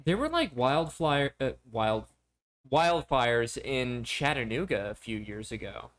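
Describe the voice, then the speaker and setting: A man in casual chat, slow and halting, with many fillers. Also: mid-range voice, sing-song, fairly bright tone. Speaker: friend in conversation.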